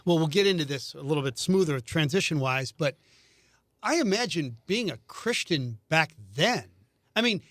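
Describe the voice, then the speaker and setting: Male podcast host, somewhat high voice, casual questioner, dry sound. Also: animated, normal speed, fairly bright tone, dry recording. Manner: casual, asks questions, chimes in. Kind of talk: conversational interview.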